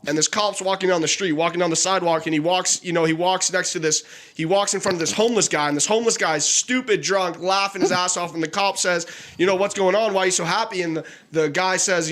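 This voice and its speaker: A man's voice: sits high, a bit bright. A young man co-hosting a radio chat, telling a long joke in a rambling, giggly way. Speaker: co-host.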